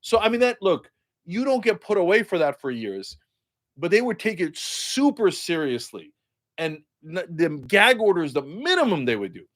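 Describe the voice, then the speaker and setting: A man's voice: high-pitched, very animated, moderate pace, a bit bright. A man hosting a political commentary show, delivering a mocking, sarcastic monologue.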